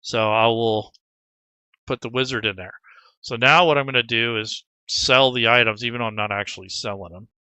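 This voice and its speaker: Man, casual tutorial talk, rambling, very bright tone, crisp, dry close sound. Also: medium pitch, steady tone, moderate pace, dry recording. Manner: rambling, casual, many restarts. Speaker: game master and software tutor. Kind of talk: screen-recorded tutorial.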